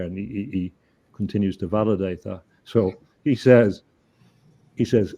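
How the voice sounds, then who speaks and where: Man, guest storyteller, low voice, mellow tone, earnest, halting repeats, dull lo-fi sound. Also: slightly rough. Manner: earnest, hesitant, repeats words while thinking. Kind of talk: conversational storytelling.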